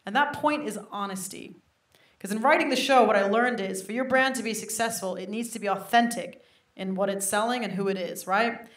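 A woman's voice: medium pitch, brisk. A woman doing a stand-up comedy set, telling self-mocking stories and talking straight to the crowd. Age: 30s. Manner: animated, self-mocking storytelling with frequent asides to the crowd. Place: comedy venue with a live audience. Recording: roomy live venue recording.

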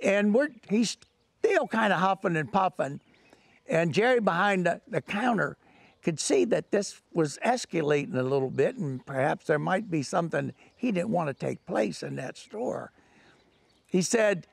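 Older male storyteller, high gravelly voice, folksy and rambling. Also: sing-song, unhurried, no echo. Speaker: author and storyteller. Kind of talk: telling an anecdote.

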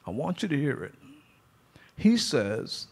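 Gravelly-voiced male pastor preaching. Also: on the high side, big pitch swings, a little slow, a little mellow. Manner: emphatic preaching, acting out quoted speech; calls to the congregation. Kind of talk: sermon.

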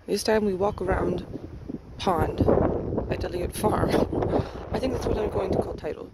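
A woman's voice: mid-range voice, unhurried, heavy background noise. Give me a chatty woman with a put-on Spanish accent. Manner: chatty, rambling, thinking aloud with many fillers. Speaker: vlogger giving a neighborhood tour. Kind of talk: casual walking tour commentary. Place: outdoors, walking around a pond in a housing development.

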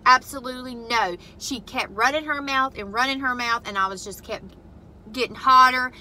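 Bright-voiced frustrated mom venting. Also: female voice, high voice, normal speed, a little hiss or hum, rough recording. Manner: frustrated, blunt and profane, retelling a family fight. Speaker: vlogger and mother. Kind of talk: venting casual vlog to camera. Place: inside her parked car.

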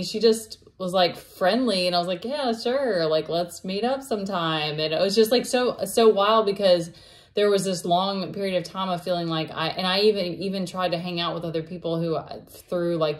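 A woman's voice: lowish voice, moderate pace. A woman, telling a personal story in a casual vlog, rambling with many fillers and restarts. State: emotional, near tears at times. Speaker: vlogger.

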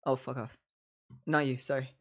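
A young man streaming a game and chatting casually, swearing a lot, giggling and breaking into excited bursts. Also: medium pitch, normal speed. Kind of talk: casual gameplay chat.

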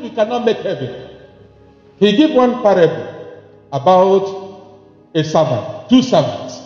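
A man preaching a sermon with emphasis, repeating phrases and moving between soft speech and shouting. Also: very high-pitched. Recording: echoey lo-fi hall recording with faint music.

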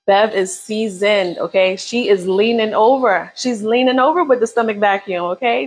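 A woman's voice: mid-range voice, moderate pace, few pauses, husky, low-quality recording. A woman leading a live beginner workout, coaching casually and encouragingly while counting down reps. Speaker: fitness instructor.

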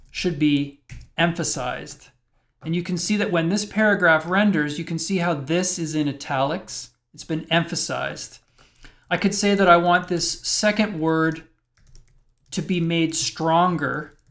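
A man's voice: fairly high pitch, slow pace, fairly bright tone. A man teaching web programming in a screencast lecture, thinking aloud and explaining step by step as he types.

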